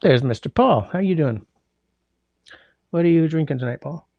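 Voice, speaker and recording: A man's voice: fairly high pitch, animated, moderate pace, vocal fry, no room sound, dull audio. A man hosting a casual livestream from home, rambling, greeting viewers by name and humming while he scrolls, his sinuses congested. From Canada. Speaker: livestream host. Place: indoors at home.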